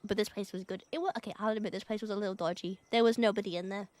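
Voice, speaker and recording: With rapid-fire delivery and a steady, mid-range voice, a young woman VTuber chats loosely with her audience, free of room sound. Frequent giggles, thanks for donations, and offhand swearing fill her stream.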